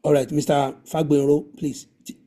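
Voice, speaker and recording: Hosting an online language class over a video call, this man repeats his points and coaches pronunciation through drills. His voice sits a little high with little pitch movement, moves at normal speed, and has a warm tone.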